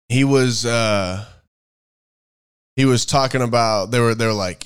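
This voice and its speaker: A man co-hosting a casual faith-based chat, rambling and thinking out loud as he searches for words. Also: mid-range voice, measured pace, long pauses, smooth. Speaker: podcast co-host.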